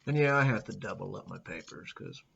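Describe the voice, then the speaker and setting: A man's voice: low-pitched, lively intonation, brisk, creaky, a bit bright, slightly rough, highs cut off. A middle-aged man rambling casually indoors, swearing often and laughing a lot. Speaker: vlogger. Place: indoors at a friend's house.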